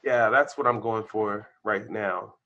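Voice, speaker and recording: A man, a guest on a podcast, telling candid stories about his career, his voice shooting up when excited and dropping low when reflective. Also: unhurried, dull audio. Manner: animated storyteller, bursts of excitement, then drops low. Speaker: podcast guest, senior engineer. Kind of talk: candid conversational interview.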